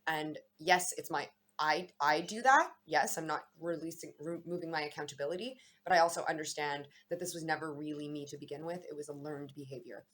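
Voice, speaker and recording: A woman with a low voice shares her daily astrology reading in a loose, unscripted way. She muses reflectively, wanders between thoughts and restarts her sentences as she goes. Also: fairly even intonation, a little fast, few pauses, a bit bright. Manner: meandering, reflective, self-correcting. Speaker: astrology vlogger. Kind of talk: casual spiritual musing to camera.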